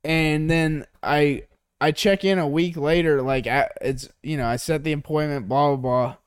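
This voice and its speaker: A man's voice: a little high, normal speed, clean tone, no echo, clean studio sound. A man co-hosting a podcast in a tea shop, telling profane stories in casual chat and acting out the people in them. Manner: profane, animated storytelling with acted quotes. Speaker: podcast co-host.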